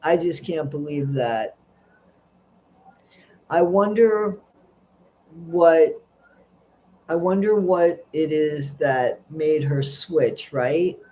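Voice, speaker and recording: A man's voice: fairly high pitch, extremely slow, pauses often, warm tone, slight background noise. Chatty middle-aged man, gossipy. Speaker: livestream host. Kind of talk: casual livestream chat reading comments.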